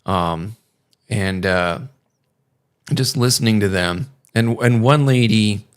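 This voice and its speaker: A man's voice: fairly low pitch, takes it slowly, clean tone. A young man chatting casually on a stream, rambling and swearing with many fillers. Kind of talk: casual chat.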